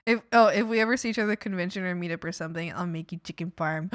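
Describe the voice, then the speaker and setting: A woman's voice: on the low side, rapid-fire, few pauses, dry recording, clean studio sound. A young adult woman chatting casually on a livestream while she draws. She is giggly and emotional, laughs often, and trails off and restarts her sentences. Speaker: art streamer.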